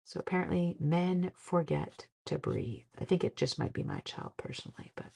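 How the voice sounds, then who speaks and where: A middle-aged woman talks casually through a crafting demo at her desk. Her voice sits low with a gravelly fry. She jokes about herself and drifts into quiet mutters as she concentrates. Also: expressive, moderate pace. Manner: chatty, self-deprecating, drops to quiet mutters while working. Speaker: craft livestream host.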